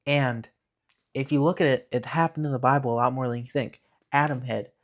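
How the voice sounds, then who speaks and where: A man's voice: mid-range voice, steady tone, brisk. A young man giving a casual, earnest faith talk to his viewers, often checking in with "okay". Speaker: Christian YouTuber.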